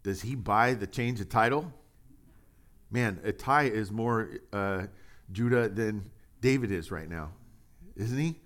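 A man's voice: lowish voice, takes it slowly, pauses often, a bit bright. A pastor giving a casual, conversational sermon, reading scripture aloud and asking his listeners rhetorical questions.

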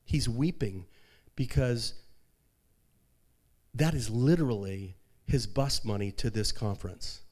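A man preaching a sermon as pastor, telling a story softly and then rising into fervent, high-pitched preaching. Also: slow, long pauses.

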